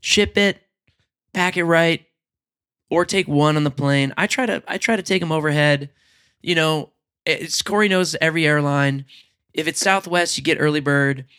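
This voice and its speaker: A man with a slightly raised pitch tells a story in a loose, casual conversation. He acts out both sides of the exchange and laughs often as he goes. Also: moderate pace, pushed and bright, smooth. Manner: laughs often while telling. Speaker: touring musician.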